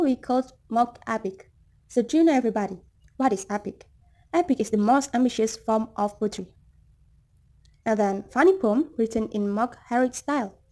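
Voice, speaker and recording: A young woman with an Indonesian accent presenting a class lesson, repeating examples slowly and asking the audience questions. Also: fairly high pitch, mellow. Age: young adult. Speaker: student presenter.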